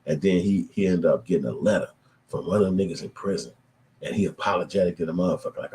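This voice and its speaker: A man around thirty telling stories in casual street slang, animated and profane, acting out the voices of people in his stories. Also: low voice, quick pace, low-quality recording. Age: 20s to 30s. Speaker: storyteller. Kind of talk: casual street storytelling monologue.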